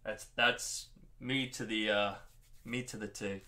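A man's voice: fairly low pitch, steady tone, slow, sharp tone. A young man with a Long Island accent hosting a live card-break stream, chatting casually with viewers by name while opening packs. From Long Island, New York.

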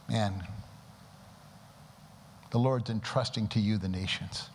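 A man's voice: fairly low pitch, slow pace, pauses often. Fervent preacher man in a reverberant hall. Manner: fervent, praying aloud and exhorting with rhetorical questions. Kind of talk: sermon. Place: church service before a congregation. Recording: long hall reverb with faint background noise.

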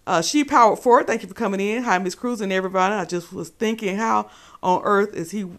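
A woman's voice: medium pitch, quick pace. Chatty woman hosting a livestream. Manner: chatty, gossipy, greeting viewers by name. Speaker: livestream host. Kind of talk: casual commentary on a live stream.

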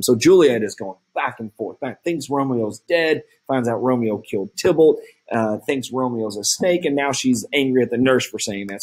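A man casually explaining a play between readings, at home, with relaxed fillers. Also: mid-range voice, husky, low-quality recording. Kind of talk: reading aloud with commentary.

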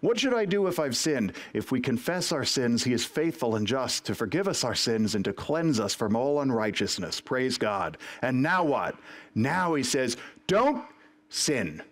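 A man's voice: mid-range voice, big pitch swings, normal speed. A man preaching a sermon to his congregation in an earnest, emphatic way. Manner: earnest, emphatic, breaks into acted prayers and quotes. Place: church service recorded for online stream.

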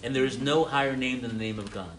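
A man's voice: medium pitch, fast, background noise. Man preaching an interactive sermon. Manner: calls on listeners, repeats their answers, frequent stammered restarts. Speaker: pastor teaching a congregation.

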